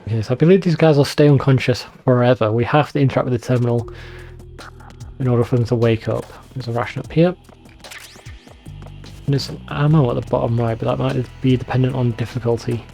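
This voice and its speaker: Sweary northern English game commentator. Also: male voice, medium pitch, steady tone, a little fast, creaky, mellow, faint music behind. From northern England. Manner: chatty, swears freely, mocking asides. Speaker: let's play host. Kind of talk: casual gameplay commentary.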